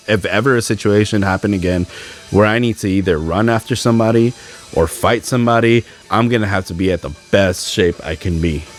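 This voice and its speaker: A young man hosting a podcast, ranting alone with frustration and mocking other people's words. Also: low voice. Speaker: podcast host. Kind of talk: solo ranting podcast monologue.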